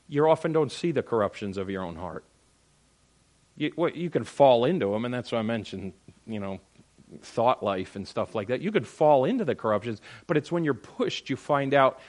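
Preaching as pastor, a middle-aged man with a mid-range voice and moderate pace fires rhetorical questions at his congregation. His animated, emphatic delivery builds to loud peaks.

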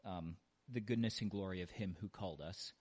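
A man's voice: low-pitched, a little fast, darkish tone, breathy edge. A man in a church study group answering tentatively, thinking aloud as he goes. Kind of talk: hesitant discussion answer.

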